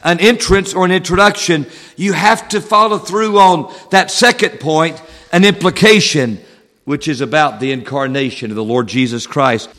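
A man delivers a sermon with a high-pitched voice, measured and deliberate, drawing out key words for emphasis. His voice carries a long reverb from a church sanctuary. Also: a bit bright. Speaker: pastor.

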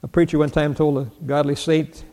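An older man preaching in a large hall with a long reverb. His voice is high-pitched, gravelly and mellow. He puts questions to his listeners, answers them himself and chuckles along the way. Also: flat delivery, fairly quick. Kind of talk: sermon with Bible teaching.

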